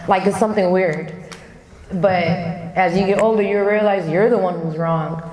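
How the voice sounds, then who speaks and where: Woman in her 30s from somalia, chatty candid talk to youth, mid pitch, big roomy hall echo. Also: moderate pace, a little mellow. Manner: candid, chatty, acts out quoted family voices. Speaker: motivational speaker. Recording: echoey hall.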